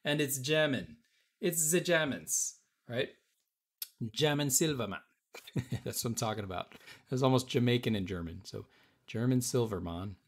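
A man's voice: mid-range voice, expressive, moderate pace, slightly rough. A man hosting a casual live-stream auction, calling out bids and chatting with viewers in an upbeat way. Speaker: auction host.

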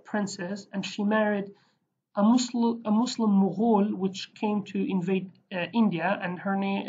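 Woman, language teacher, chatty and rambling, breathy voice, muffled lo-fi recording. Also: medium pitch, mellow. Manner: chatty, digressive, frequent fillers and self-corrections. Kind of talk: casual online language lesson.

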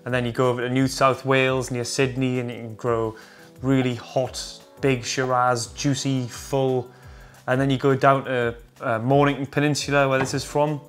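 A man's voice: mid-range voice, little pitch movement, normal speed, soft background music. A man with a Geordie accent, casually explaining wine regions in a chatty, enthusiastic, slangy way. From North East England. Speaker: wine vlogger.

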